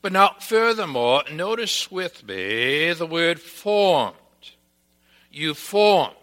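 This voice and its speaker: A male pastor delivering a sermon at an unhurried, measured pace. His voice sits a little high for a man and has a bright, forceful edge. He lands his emphasis firmly on repeated words, building point by point. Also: very animated, big-room sound. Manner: deliberate, emphatic preaching with stressed repeated words.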